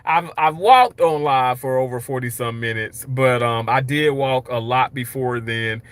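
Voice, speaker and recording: A man's voice: mid-range voice, fairly even intonation, normal speed, clear, resonant tone. A man chatting candidly and at length with his viewers during a casual livestream, rambling and upbeat. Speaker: livestreaming vlogger. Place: outdoors at night, walking.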